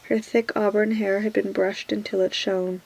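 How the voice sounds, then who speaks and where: A woman reading a novel aloud in a soft whispered role-play. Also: mid-range voice, flat delivery, moderate pace, creaky, low-quality recording. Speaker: reader.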